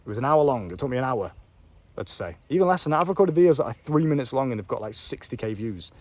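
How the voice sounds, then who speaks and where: Fast-talking blunt, profane man. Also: mid-range voice, animated, a little mellow, no room sound. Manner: blunt and profane, talks straight at the listener with slang. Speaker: online business coach. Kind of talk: casual vlog monologue. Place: outdoors on a bench in a warm country.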